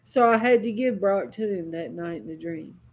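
A woman's voice: mid-range voice, moderate pace, darkish tone, husky. A woman preacher giving a sermon, telling a dream as personal testimony in a dramatic, impassioned way with sudden cries.

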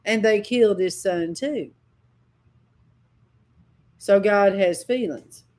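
A woman's voice: medium pitch, slow, a little mellow. A woman preacher giving a sermon, telling a dream as personal testimony in a dramatic, impassioned way with sudden cries.

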